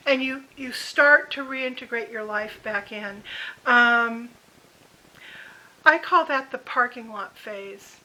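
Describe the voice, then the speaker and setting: A woman's voice: fairly high pitch, slow pace, bright, forceful tone, low-quality recording. A woman in her fifties telling a candid vlog story about caring for her mother, frank, swearing freely and laughing as she rants.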